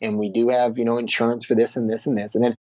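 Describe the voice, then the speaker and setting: A man, a podcast guest and franchise owner, telling animated business anecdotes in a casual interview and acting out the dialogue. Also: medium pitch, quick pace, dry recording, lo-fi sound.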